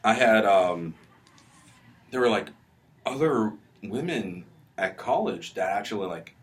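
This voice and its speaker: Low-voiced young guy, rambly, lots of ums, sounds a bit off-mic. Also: lively intonation, a little slow, recorded from a distance. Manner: rambling, with many restarts and fillers. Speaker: guest. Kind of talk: casual interview chat. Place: recording studio.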